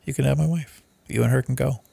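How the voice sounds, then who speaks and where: A man voicing a menacing, jealous middle-aged mob boss in a retold movie scene, loud and threatening. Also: mid-range voice, steady tone, quick pace, creaky, slightly rough, no room sound. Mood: taunting.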